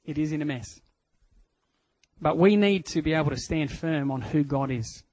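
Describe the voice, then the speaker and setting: A man with an Australian accent sharing a candid personal testimony in a sermon, telling it in an earnest, halting way. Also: on the high side, darkish tone, no room sound, rough recording.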